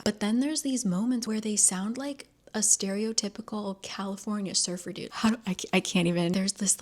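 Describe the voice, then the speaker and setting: A woman's voice: medium pitch, fairly quick, hardly any pauses. A woman vlogger chatting casually, rambling with lots of fillers. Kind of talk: casual chat.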